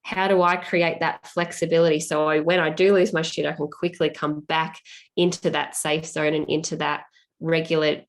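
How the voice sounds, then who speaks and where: A woman's voice: deep voice, little pitch movement, moderate pace. A woman author speaking candidly and reflectively as an interview guest, talking in a plain, down-to-earth way. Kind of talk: casual interview talk.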